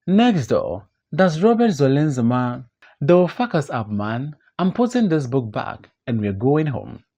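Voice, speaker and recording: A man voices a wary, sharp-tongued grown man for a stage-play audiobook. He talks bluntly and scolds with lively pitch. His pace stays slow. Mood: exasperated.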